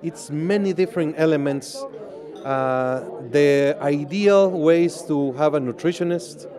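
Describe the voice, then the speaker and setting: A man with a Mexican Spanish accent, giving measured interview answers at an outdoor press event. He talks in a deliberate, halting way with many pauses. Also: fairly high pitch, warm tone. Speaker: boxing organization president.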